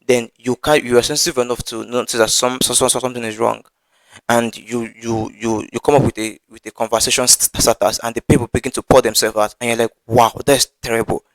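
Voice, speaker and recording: Male preacher, earnest teaching delivery, heavy stammer and repeats, mid pitch, dry close sound. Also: level tone, quick pace, dry recording, poor audio. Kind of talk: Bible teaching.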